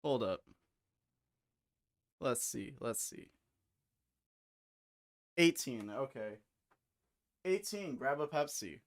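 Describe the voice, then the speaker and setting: A man's voice: mid-range voice, lively intonation, slow, long pauses, dry recording. A young man hosting a live stream, chatting casually in a rambling, crude and slangy way. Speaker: streamer host.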